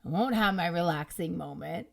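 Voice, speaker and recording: A woman's voice: on the low side, normal speed, gravelly, pitched below the performer's own voice. A woman voicing a reluctant husband who grudgingly gives up his rest to help.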